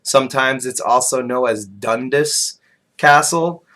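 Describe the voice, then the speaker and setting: A man's voice: mid-range voice, a little slow, bright, forceful tone. A man speaking as a guest in casual podcast chat, modest and hesitant, with many ums and uhs.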